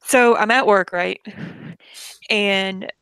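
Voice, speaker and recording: A woman's voice: medium pitch, steady tone, takes it slowly, fairly bright tone. A woman hosting a casual livestream chat, telling a story animatedly and laughing as she goes.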